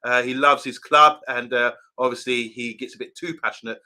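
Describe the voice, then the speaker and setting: A man with a very bright, forceful voice hosts a casual live reaction show. He reads viewer comments aloud and gives them shout-outs in an easy, chatty manner. His pitch sits at an ordinary middle level for a man. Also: fairly even intonation, fairly quick, clear, resonant tone. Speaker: host reading viewer comments. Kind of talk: live watchalong reaction chat.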